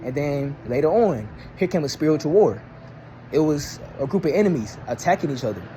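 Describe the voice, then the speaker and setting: A man's voice: on the high side, expressive, brisk, warm tone, slight background noise. A young man retelling a myth in a casual, rambling, slangy way. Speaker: storyteller. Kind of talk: casual storytelling.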